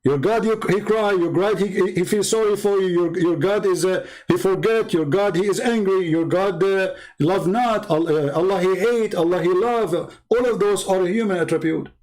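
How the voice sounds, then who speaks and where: High-voiced man arguing emphatically. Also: moderate pace, few pauses, darkish tone, poor audio. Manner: emphatic, broken English grammar. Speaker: live-stream host. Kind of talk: polemical debate talk.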